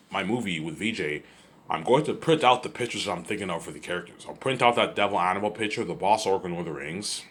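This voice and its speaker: A man's voice: sits low, fairly bright tone, slightly rough. A man rambling in a casual solo monologue, repeating himself and often adding "you know what I'm saying.". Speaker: vlogger.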